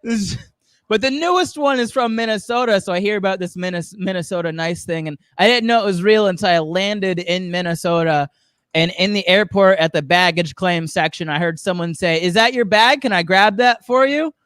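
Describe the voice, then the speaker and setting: A man's voice: high-pitched, normal speed, a bit bright, clean tone, dry recording, clean studio sound. A man from the Southern US doing a rambling stand-up comedy set, chuckling at his own jokes. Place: comedy show studio.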